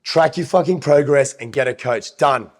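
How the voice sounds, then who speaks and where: A man on a casual podcast, handing out advice in blunt bursts peppered with swearing. His voice sounds a little nasal and husky, like he's a bit under the weather. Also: mid-range voice. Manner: blunt, heavy swearing, fast advice-giving. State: nasal, slightly hoarse. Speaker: podcast co-host and coach.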